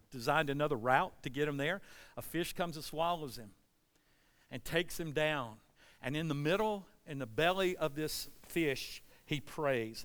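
A man preaching a sermon, reading scripture and acting out the characters' lines with lively energy. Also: a little high, big-room sound. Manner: animated, acts out Bible characters' lines. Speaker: pastor.

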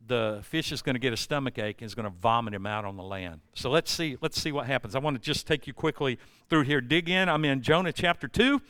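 Smooth-voiced preacher man, emphatic. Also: mid-range voice, a bit bright, dry recording, clean studio sound. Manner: emphatic preaching, building to repeated refrains. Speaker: pastor. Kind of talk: sermon.

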